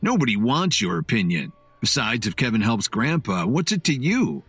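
Man doing sneering arrogant young snob, scornful, raised pitch, dry. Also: very animated, moderate pace, a bit bright, breathy edge, dry recording, soft background music.

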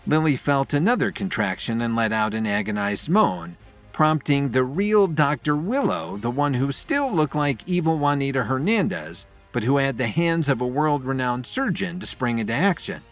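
A man narrating a dramatic story in an expressive storytelling voice. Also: medium pitch, normal speed, soft background music.

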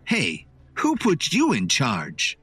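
A man's voice: mid-range voice, huge pitch swings, moderate pace, fairly bright tone, dry recording, soft background music, pitched above the performer's own voice. A man voicing a hostile woman who snarls and scolds in a storybook reading. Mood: scolding. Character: bossy hostile middle-aged woman.

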